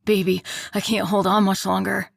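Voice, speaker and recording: A woman voicing a tender young boyfriend in a low, strained murmur in an audiobook. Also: flat delivery, normal speed, creaky, no echo, studio quality. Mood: urgent.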